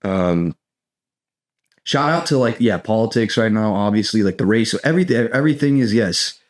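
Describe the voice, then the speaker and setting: A man's voice: fairly low pitch, lively intonation, normal speed. Rambling profane young man, echoey room. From United States. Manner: rambling, profane, sarcastic, says "dude" constantly. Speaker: podcast host, comedian. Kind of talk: casual comedic monologue.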